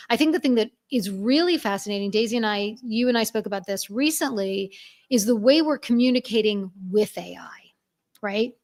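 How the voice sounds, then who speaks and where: A woman from New York hosting a casual panel chat over a video call, enthusiastic and full of quick asides. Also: fairly high pitch.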